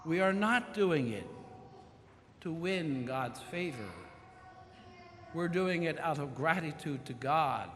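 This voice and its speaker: A male pastor preaching a sermon in a large church, slow and emphatic, stretching out key words. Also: a little high, lively intonation, fairly bright tone. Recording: long church reverb, faint room noise.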